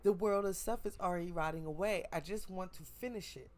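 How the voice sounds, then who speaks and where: A woman reading the lines of a calm, sinister male villain from a manga. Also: lowish voice, fairly quick, natural voice. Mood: cold. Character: male villain who wants to remake the world.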